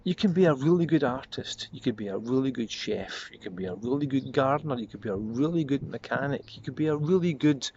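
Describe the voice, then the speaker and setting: A man preaching a short devotional sermon as a pastor, earnest and reflective, slowing and softening on repeated prayer refrains. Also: mid-range voice, lively intonation, breathy edge. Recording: slightly dull lo-fi audio with faint noise.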